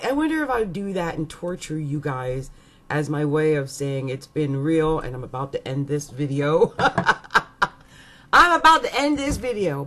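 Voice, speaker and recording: A woman hosting an astrology video, talking casually to her viewers and playfully running through a long list of words with musing asides. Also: sits low. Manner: playful, drawn-out word listing with musing asides.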